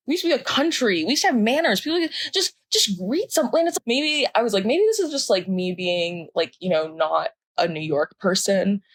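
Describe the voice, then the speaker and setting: A woman's voice: mid-range voice, normal speed, no room sound. A young woman from the American South, co-hosting a podcast, ranting casually and sarcastically with frequent swearing. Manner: animated, sarcastic, swears freely. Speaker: podcast co-host. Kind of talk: casual rant. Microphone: podcast mic.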